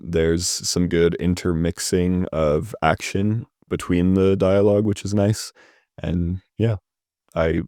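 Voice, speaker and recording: A man's voice: deep voice, a little mellow, no room sound, clean studio sound. A young man who hosts a channel, reading a submitted short story and giving casual feedback, often checking in with "right?". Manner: casual, hedging, ends points with "right?". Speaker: host critiquing a submitted story. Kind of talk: reading and critiquing writing.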